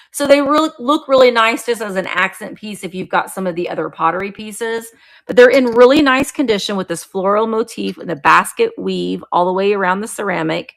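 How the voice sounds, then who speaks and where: A woman's voice: mid-range voice, gravelly, a bit bright. Chatty woman hosting a live auction. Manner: chatty, greets viewers by name while describing items. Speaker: live online auction seller. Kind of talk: live-stream sales chat.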